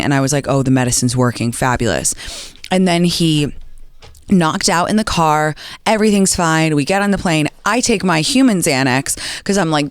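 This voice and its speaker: A young adult woman hosting a radio show, telling stories in a chatty way and acting out quotes with big jumps in pitch. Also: dry recording, studio quality. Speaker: radio and podcast host. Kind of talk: chatty storytelling monologue.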